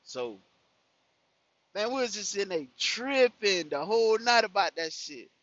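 A man's voice: sits high, very animated, a little slow, a bit bright, dry recording. A man telling a personal story in casual, profane street slang, acting out the people he quotes. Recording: dull lo-fi recording.

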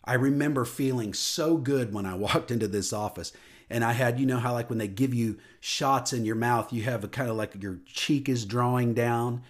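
A man giving a personal testimony into a microphone, telling a story earnestly and dropping soft and low at emotional moments. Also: normal speed. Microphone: studio microphone.

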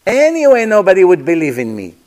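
A man's voice: high-pitched, huge pitch swings, fast, a little mellow, pitched above the performer's own voice. A man voicing a humble, self-doubting prophet who pleads to be excused from his mission. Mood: pleading. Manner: pleading, hesitant.

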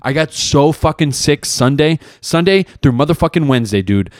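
A man's voice: fairly high pitch, animated, normal speed, no room sound, studio quality. A young man hosting a solo podcast, talking in a rambling, profane, self-mocking way. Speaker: podcast host. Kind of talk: casual solo podcast monologue.

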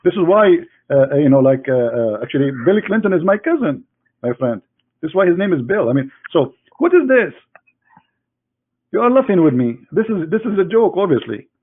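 A man's voice: sits high, sing-song, brisk. Mocking man on a tinny line. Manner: mocking, teasing, repeats phrases for emphasis. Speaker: host debating a caller. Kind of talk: argumentative religious debate call. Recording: phone-like narrow band.

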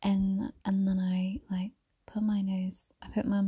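A woman talking softly as a mother sharing reflections, drifting often into whispers and meandering with many fillers and restarts. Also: medium pitch, completely flat delivery, measured pace, breathy edge, highs cut off. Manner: soft, gentle, slipping into whispers. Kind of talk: soft-spoken ASMR talk.

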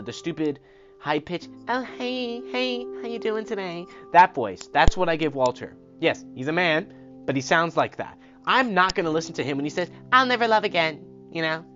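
Man giving pep talk over guitar music. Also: mid-range voice. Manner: emphatic, keeps asking "right?", swears casually. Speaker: podcast host. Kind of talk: casual motivational talk. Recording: muffled lo-fi with guitar music behind.

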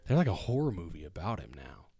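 A man's voice: deep voice, big pitch swings, fast talker, gravelly, warm tone, breathy edge, dry recording, clean studio sound. A man co-hosting a casual talk show, wry and laid-back as he ranks things and quizzes his friend. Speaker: podcast co-host. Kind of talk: casual banter.

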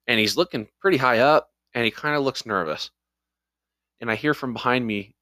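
A man's voice: medium pitch, moderate pace, sharp tone. A man co-hosting a casual podcast, telling stories and reading listener reviews aloud. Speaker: podcast co-host.

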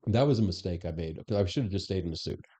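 A former police chief as a podcast guest, telling stories in casual conversation with frequent restarts. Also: male voice, sits low, fast talker, breathy edge. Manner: animated storyteller who acts out quoted dialogue, frequent restarts. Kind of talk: casual interview storytelling.

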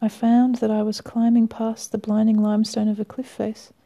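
Gravelly woman reading a wry story. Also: a little high, monotone. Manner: wry, measured, dropping to a hush at times. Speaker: reader. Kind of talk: first-person story reading.

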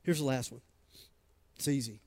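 A man's voice: mid-range voice, moderate pace, vocal fry, dark tone. A man preaching a conversational, emphatic sermon to a church congregation, often acting out what people say. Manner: conversational, emphatic, acts out quoted voices. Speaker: pastor. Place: church sanctuary.

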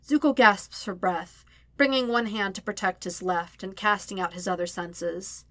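A woman reading a story aloud as narrator, with steady, even storytelling. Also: medium pitch, normal speed, dry recording. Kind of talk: audiobook-style fan fiction reading.

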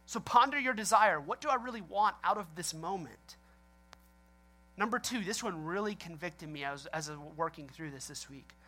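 A male pastor delivering a sermon with lively, animated storytelling. He laughs often and acts out people's reactions as he speaks. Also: high-pitched, normal speed.

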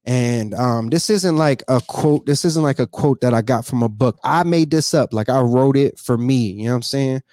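Man, vlogger, raw emotional monologue, street slang, heavy swearing, mid pitch, dry recording. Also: normal speed, few pauses, dark tone, dry recording. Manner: casual slangy, heavy cursing, repeats himself. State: emotional, near tears. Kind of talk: emotional personal vlog monologue.

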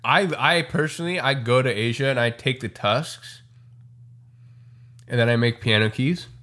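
A man's voice: mid-range voice, moderate pace, sharp tone. A young man in casual podcast chat, goofy and rambling with lots of slang.

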